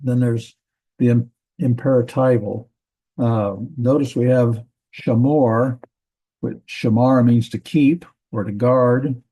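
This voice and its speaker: A man teaching a grammar lesson from a Bible language textbook, methodical, repeating words and pausing with fillers. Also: mid-range voice, fairly even intonation, warm tone, rough recording.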